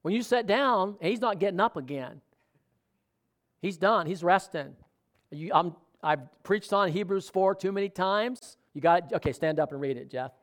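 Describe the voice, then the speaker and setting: A man's voice: high-pitched, normal speed. A man preaching a sermon in a conversational way, often asking the congregation questions. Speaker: pastor.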